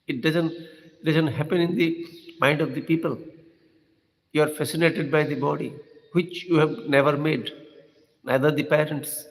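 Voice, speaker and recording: A man giving an unscripted spiritual discourse as a teacher, talking in a rambling, conversational way with rhetorical questions, a tag "hmm?" and soft chuckles. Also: a little high, steady tone, moderate pace, long pauses. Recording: long hall reverb.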